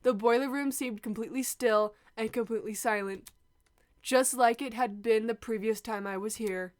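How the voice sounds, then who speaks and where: A woman's voice: a little high, moderate pace. A woman playing a murder-mystery game, reading narration aloud and breaking into shrieking emotional reactions. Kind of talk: let's play commentary with read-aloud narration.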